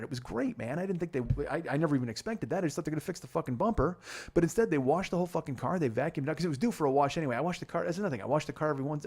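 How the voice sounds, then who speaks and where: A man's voice: a little high, a little mellow, husky. A man hosting a comedy podcast, telling a story in a profane, exasperated rant. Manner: profane, exasperated, fast rambling rants. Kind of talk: ranting comic storytelling monologue.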